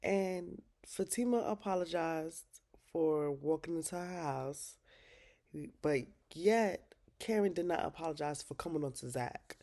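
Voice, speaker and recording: A woman's voice: low-pitched, warm tone. A woman vlogger recapping a TV drama episode in casual, slangy talk, swearing freely.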